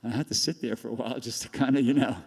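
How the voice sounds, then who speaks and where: A man's voice: medium pitch, fairly even intonation, very fast, creaky, a little mellow, slightly rough. An older man giving a class, telling a rambling personal story with laughs along the way. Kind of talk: storytelling talk. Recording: long hall reverb.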